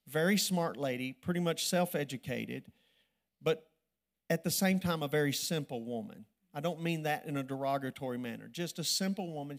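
A man preaching a sermon, telling a church story and building to loud, emphatic preaching. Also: fairly high pitch.

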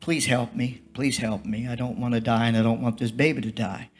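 A scared young mother, alone and pleading in plain country words, told by a male preacher in his own voice. The tone sits at an everyday middle pitch, with faint music in the background. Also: steady tone, brisk, lightly acted.

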